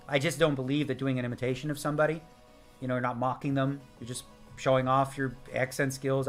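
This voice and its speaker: A man's voice: mid-range voice, fairly bright tone. A man talking casually while streaming a poker game. He is brash and playful, tossing off jokes and replying to viewer comments in an easygoing mid-range voice. Faint music plays behind him. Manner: brash, joking, answers viewer chat. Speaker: poker player live-streaming. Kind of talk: casual live-stream chat. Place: home streaming setup.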